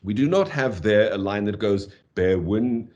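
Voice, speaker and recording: A man lectures on poetry with a lively, swooping delivery, his voice sitting fairly low. He sounds out rhythms aloud and keeps checking in with his listeners by saying "okay". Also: normal speed, muffled recording. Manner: animated, vocalizes rhythms aloud, frequent "okay". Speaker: literature lecturer. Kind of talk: university lecture.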